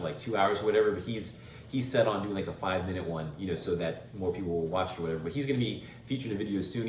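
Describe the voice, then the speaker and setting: A man's voice: lowish voice, reverberant, a little hiss or hum. A man hosting a show, giving an opinionated monologue in an emphatic, lecturing way and repeating phrases for stress. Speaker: podcast host.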